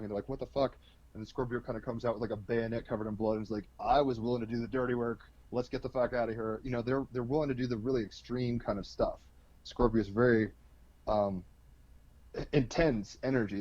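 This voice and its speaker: A man on as an astrology guest, telling an animated, rambling story, heavy with fillers. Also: mid-range voice, no room sound, muffled recording. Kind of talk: casual storytelling explanation.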